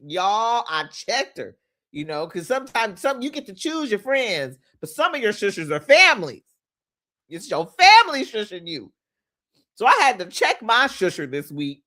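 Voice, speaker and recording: Lively preachy woman coach. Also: mid-range voice, normal speed. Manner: animated, preachy, playful, laughs often, hollers for emphasis. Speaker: host, manifestation coach. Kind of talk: motivational talk.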